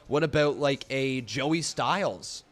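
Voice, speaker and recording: A man's voice: mid-range voice, slow pace, a bit bright. A man casually reacting to wrestling on a live stream, reading chat messages aloud and rambling with frequent laughs. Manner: joking, laughs often.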